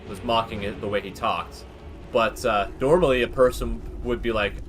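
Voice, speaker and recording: Lowish guy chatting while he plays, rambly and open, lots of likes and uhs, soft game music behind. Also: steady tone, moderate pace. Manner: rambling and candid, with many fillers and occasional swearing. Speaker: gaming livestreamer. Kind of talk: casual chat while playing a game.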